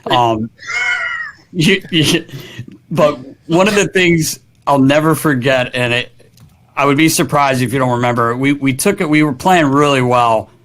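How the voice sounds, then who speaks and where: A man's voice: mid-range voice, animated, measured pace, fairly bright tone. A man co-hosting a podcast, telling a story in a rambling, filler-heavy way. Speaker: podcast co-host, former hockey player. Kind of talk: casual chat.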